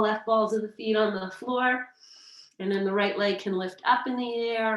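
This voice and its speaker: A woman teaching a yoga class, giving gentle, encouraging, relaxed cues as she demonstrates the poses. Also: on the high side. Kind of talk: guided yoga class instruction. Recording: echoey room, mic far off.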